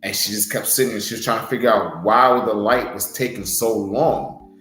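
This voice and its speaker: A man co-hosting a podcast, giving advice in an earnest way with stumbling restarts. His voice sits fairly low. The sound is roomy and echoey, with faint music behind him. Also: steady tone, normal speed, a bit bright. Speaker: podcast co-host and wrestler. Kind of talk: casual motivational talk.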